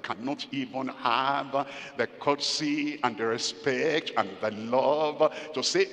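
A man's voice: medium pitch, measured pace, hardly any pauses, a bit bright. An older man preaching a sermon, asking his listeners questions and acting out what spouses say to each other. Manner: preaching with rhetorical questions to the congregation; acts out spouses' remarks in little quoted scenes. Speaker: pastor. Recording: long echo of a large hall.

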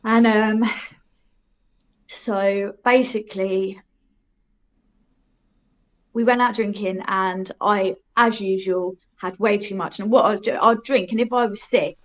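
A woman's voice: medium pitch, steady tone, takes it slowly, long pauses, lo-fi sound. A young woman telling her own story in a frank, rambling way and laughing at herself. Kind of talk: casual storytelling.

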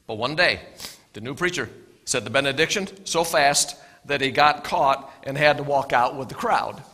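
Bright-voiced man preaching earnestly. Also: medium pitch, moderate pace. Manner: earnest, with repeated words and soft asides. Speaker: pastor. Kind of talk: sermon with storytelling.

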